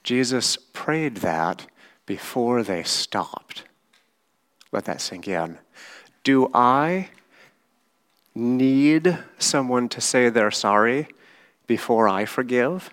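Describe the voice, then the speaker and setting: A man preaching a sermon, teaching slowly and often checking in with his listeners with a quick "right?". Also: medium pitch, lively intonation, a bit bright. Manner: slow, measured teaching with frequent "right?" checks. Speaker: pastor.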